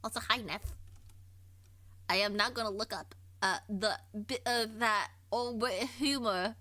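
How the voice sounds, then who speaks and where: Woman, streamer, casual chat, bright voice, dry close sound, curious, laughs easily. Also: on the high side, a little slow, dry recording. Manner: curious, laughs easily, stumbles and repeats while thinking. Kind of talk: casual livestream chat, reading and answering chat.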